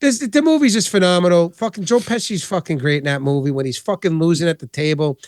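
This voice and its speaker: A man hosting a podcast, chatting casually in a rambling, animated way and swearing constantly. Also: high-pitched, fast, no echo. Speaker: podcast host. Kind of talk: casual chat.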